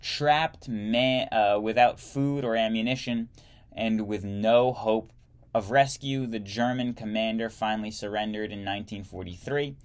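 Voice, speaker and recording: Low-voiced man reading history text aloud, trips on words and fixes them, drops dry side comments. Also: a little slow, clean tone. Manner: stumbles and corrects himself while reading, adds wry asides.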